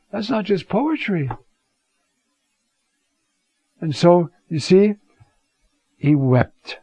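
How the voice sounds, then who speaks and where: A man teaching a Scripture talk in an unhurried, reflective way, pausing often as he looks up verses. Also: medium pitch, animated, husky, no room sound, lo-fi sound. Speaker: Bible teacher.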